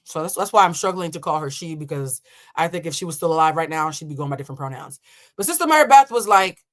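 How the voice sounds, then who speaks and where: Brief: woman in her 30s, blunt coach, slightly low voice, lively storyteller who acts out voices. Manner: animated, blunt and profane, acts out quoted voices. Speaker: emotional intelligence coach. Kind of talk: storytelling reaction commentary.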